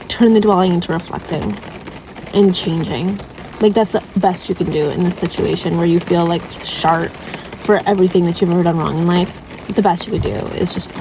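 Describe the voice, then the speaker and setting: A young woman in her twenties speaks to her viewers in a loose, confessional chat full of "like" and tag questions. Her pitch sits in an ordinary middle range. A faint noise runs under the recording. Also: a little mellow, poor audio. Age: 20s. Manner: chatty, heavy use of "like" and "right?", candid. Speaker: vlogger. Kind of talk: casual confessional advice talk.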